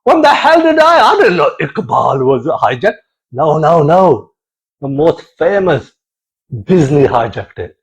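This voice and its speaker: A man telling a comic story in an animated, digressive way, full of exclamations. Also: on the high side, a little slow. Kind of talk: comic monologue.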